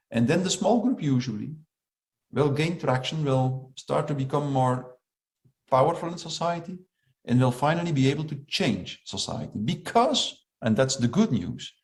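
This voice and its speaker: Man, fairly high voice, slow deliberate speaker who leans on key phrases. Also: vocal fry, darkish tone. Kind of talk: reflective monologue.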